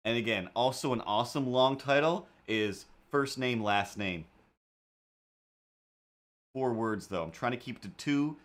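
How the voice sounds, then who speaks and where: A man's voice: medium pitch, unhurried, long pauses. A man hosting a casual drawing livestream, talking in a rambling, jokey way with lots of fillers and asides. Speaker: livestream host and artist.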